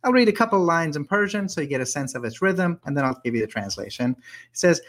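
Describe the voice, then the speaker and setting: Guy reading poems out loud, voice swings all over, really dramatic with the verses. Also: on the high side, quick pace. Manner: expressive, dramatic delivery of verses. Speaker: scholar reading poetry. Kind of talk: poetry reading with commentary.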